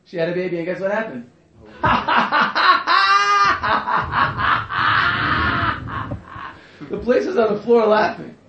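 A man's voice: high voice, fast, few pauses, a crowd in the background. A man teaching a class in a humorous lecture, repeating phrases and chuckling at his own jokes. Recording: echoey room, muffled, faint hiss.

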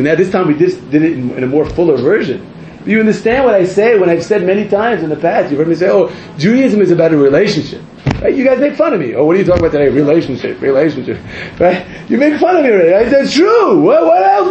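A man, a rabbi, giving an animated, rambling sermon to a live audience, interrupting himself and rising to near-shouts. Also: sits high, a little hiss or hum. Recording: echoey room, muffled sound.

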